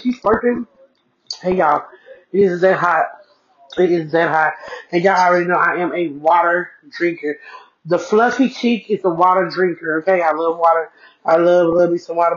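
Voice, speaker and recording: A woman's voice: lowish voice, a little fast. A woman hosting a casual solo podcast, chatting to her listeners, repeating phrases for emphasis and calling them y'all. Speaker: podcast host, single mom. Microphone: podcast mic. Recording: dull lo-fi recording.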